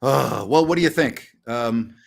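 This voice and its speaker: A man's voice: medium pitch, expressive, measured pace, gravelly. A middle-aged man hosting a live-stream post-game show, talking in a blunt, ranting and scornful way. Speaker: sports show host.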